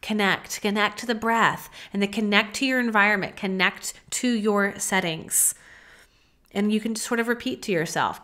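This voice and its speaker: A woman hosting a solo podcast from her home office, coaching listeners in a gentle, casual way with plenty of "like" and "you know.". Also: medium pitch, expressive, moderate pace. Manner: gentle, coaching, speaks softly when modeling self-talk. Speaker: podcast host. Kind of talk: solo podcast monologue on mindfulness.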